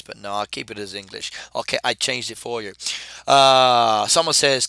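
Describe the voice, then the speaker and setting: A man's voice: medium pitch, creaky, sharp tone, clean tone, dry recording. A man streaming a farming game live, chatting casually and answering viewer comments, with a cold. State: has a cold.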